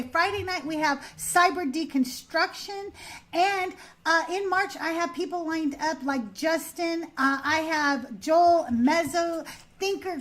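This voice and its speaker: A woman hosting a live call-in show, telling stories in an animated way and laughing often. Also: extremely high pitch. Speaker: host.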